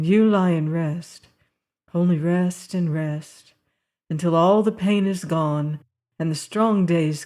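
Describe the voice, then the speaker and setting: A woman reading the part of a gentle, strong man who soothes a fevered girl in a low, monotonous, half sing-song croon. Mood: tender. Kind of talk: audiobook character reading.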